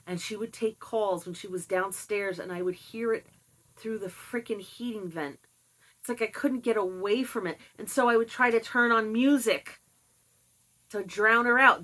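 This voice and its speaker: An older woman telling a personal story in a casual, candid way, with animated asides and laughs. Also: medium pitch, normal speed, low-quality recording. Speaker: vlogger sharing personal experience.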